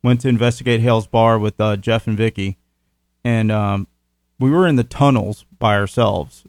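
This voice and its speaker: Relaxed man, rambling casual host. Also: fairly low pitch, moderate pace, no room sound. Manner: relaxed, rambling, with many fillers. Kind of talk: casual chat.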